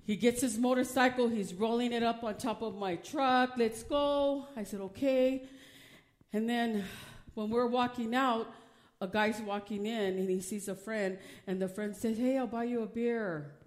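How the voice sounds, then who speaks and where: A woman preaching a personal testimony, swinging from hushed storytelling to loud, emotional preaching. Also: on the high side, fairly even intonation, moderate pace. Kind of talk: testimony sermon.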